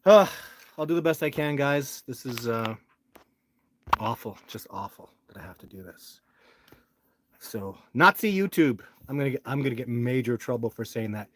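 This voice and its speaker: A man's voice: mid-range voice, moderate pace. Man, live stream host, frustrated rambling delivery, close phone mic with faint noise. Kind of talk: casual live stream talk.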